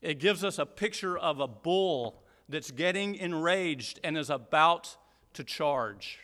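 Slow, bright-voiced man from Georgia teaching Scripture. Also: on the high side, expressive, big-room sound. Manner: explanatory, deliberate, emphatic repetition. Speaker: Bible teacher. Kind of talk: verse-by-verse Bible teaching.

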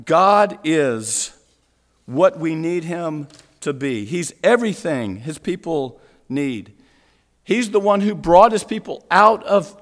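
A man preaching a sermon as pastor, earnest, asking rhetorical questions and repeating lines for emphasis. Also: sits high. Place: church. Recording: long church reverb.

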